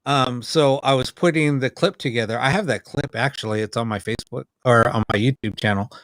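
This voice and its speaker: A man of middle pitch tells a story in loose, casual chat. He keeps acting out what others said, lifting his voice to play them. The sound is dry and close, with no room echo. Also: brisk. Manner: animated, acts out quoted dialogue. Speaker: podcast co-host, paranormal investigator.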